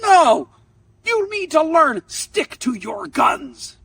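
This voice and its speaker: A man voicing a stern, easily angered male law professor who questions loudly, recorded at a distance with faint background noise. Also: very high voice, sing-song, fairly quick, vocal fry, pitched above the performer's own voice, full character voice. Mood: scolding. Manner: loud, demanding questioning.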